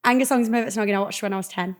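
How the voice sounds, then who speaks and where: A woman in her twenties hosting a podcast in casual chat, bubbly and gushing like a fan, quick to laugh. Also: mid-range voice. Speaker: podcast host.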